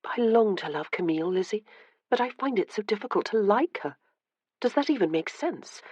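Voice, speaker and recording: A woman's voice: mid-range voice, animated, moderate pace, a little mellow, slightly rough, dry recording, highs cut off, voice pushed up. Anna, a woman reading an earnest young noblewoman. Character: earnest gentle young noblewoman, warm-hearted. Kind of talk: audiobook character reading.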